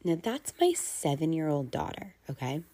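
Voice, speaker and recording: Low gravelly-voiced woman, candid vlog talk. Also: sing-song, normal speed, mellow. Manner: frank, confessional, casual with fillers. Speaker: working mother vlogger.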